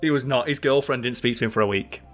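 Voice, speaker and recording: A man's voice: mid-range voice, quick pace, fairly bright tone, faint music behind. A man co-hosting a casual chat show, telling rambling stories with lots of "like". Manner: rambling storyteller, does silly voices. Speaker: podcast co-host.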